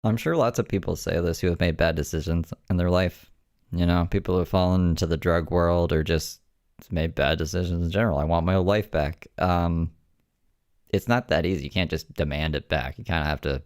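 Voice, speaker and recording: A man's voice: sits low, steady tone, moderate pace, a little mellow. A man hosting a reaction video, giving casual commentary with sarcastic, wry asides.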